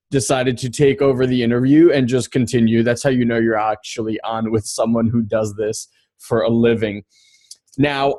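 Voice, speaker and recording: A man's voice: medium pitch, a little mellow, no room sound. A man hosting a podcast, talking in a friendly, upbeat way. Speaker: podcast host. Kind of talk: casual podcast outro.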